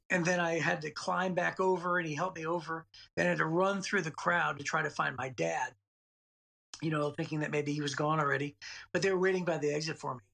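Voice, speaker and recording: On the high side, his voice is gravelly with a sharp tone. He's a man in his late forties, a guest telling a personal childhood story in a podcast interview, rambling and repeating words as he goes.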